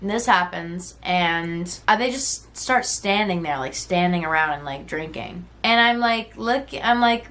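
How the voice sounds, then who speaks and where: A woman's voice: fairly low pitch, unhurried, hardly any pauses, fairly bright tone. A woman in her twenties telling a personal story in a casual, conversational vlog, peppered with "like" and the occasional swear word. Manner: conversational, frequent "like" and "right?", swears freely; candid, retelling texts in quoted voices.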